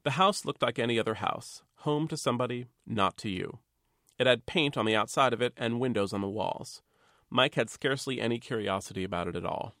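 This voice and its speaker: A man, the author, reading a chapter of his novel aloud in a measured, wry, understated way. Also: mid-range voice, fairly bright tone, no room sound, studio quality. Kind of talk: literary reading.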